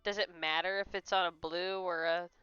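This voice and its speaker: A woman's voice: on the low side, steady tone, normal speed, pushed and bright, clear, resonant tone, no room sound, muffled recording, faint music behind. A woman streaming a mystery game, chatting, giggling and reading instructions aloud. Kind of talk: let's play commentary.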